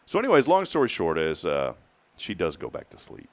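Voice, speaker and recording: A Texan man in his thirties with a very low, deep voice hosts a relaxed morning chat. He rambles through long personal stories and laughs often as he talks. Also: fairly quick. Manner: rambling storyteller, chuckles often. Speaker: morning show host. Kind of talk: casual chat.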